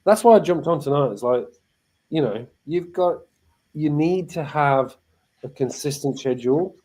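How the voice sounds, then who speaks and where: A man's voice: fairly high pitch, expressive, normal speed, dark tone. An Australian man co-hosting a casual livestream chat, rambling and repeating words, often laughing. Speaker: livestream co-host.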